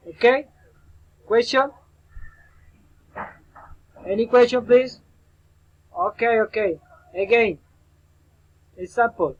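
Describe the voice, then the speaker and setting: Guy teaching an english lesson, high voice, talks super slow, repeats words for his student. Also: highs cut off. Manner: slow, repetitive drilling of example words; addresses the listener as his student. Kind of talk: recorded pronunciation lesson.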